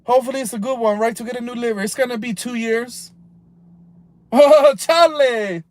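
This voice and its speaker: High-voiced man in a profane ramble. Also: flat delivery, fast talker. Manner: profane, rambling, peppered with Spanish slang; swings between loud outbursts and low mutters. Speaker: livestreamer. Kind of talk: casual rambling livestream rant.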